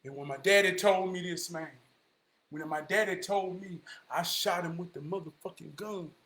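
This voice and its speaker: A man giving an impassioned, preachy monologue that swings between shouting and low muttering, repeating phrases for emphasis and cursing often. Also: normal speed.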